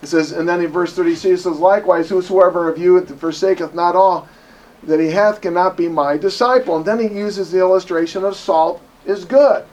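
On a rough recording, a man whose voice sits high preaches at a fairly quick pace. As a pastor giving a conversational sermon, he animatedly tells personal stories, laughing as he acts out people's quotes.

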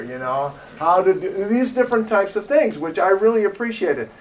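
A male evangelist preaching in a rambling, folksy way, his voice slightly high for a man. He is heard from across a hall, a little far from the mic, with faint background noise. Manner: folksy, digressive, joking. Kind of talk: sermon.

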